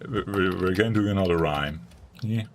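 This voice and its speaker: A man's voice: low voice, a little fast, slight background noise. A man with a Dutch accent chatting casually while playing a game, rambling and talking to his viewers. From Netherlands. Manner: chatty and rambling, talking to chat between tasks. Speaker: game streamer. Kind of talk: casual gameplay commentary.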